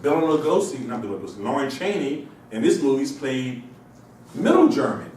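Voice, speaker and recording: A man's voice: mid-range voice, very animated, moderate pace, a little mellow. A man with a cold gives a rambling classroom lecture, throwing out question after question to his students. He sounds far from the mic in a very echoey room with a faint hiss underneath. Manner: rambling, asks rhetorical questions. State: has a cold. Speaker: instructor. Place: university classroom.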